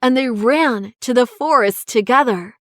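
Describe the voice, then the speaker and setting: A woman narrating a children's story in a slow, clear storytelling way. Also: fairly high pitch, no echo, clean studio sound.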